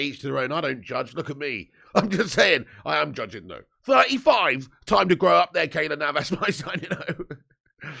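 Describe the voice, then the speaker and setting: Gravelly guy in his 30s, kinda high voice, sweary chatty football stream host, just rolled outta bed. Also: a bit bright. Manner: chatty and jokey, sweary, reads out viewer comments. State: just woken up, morning voice. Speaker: host of a live football watch-along stream. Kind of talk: casual live-stream chat and match commentary.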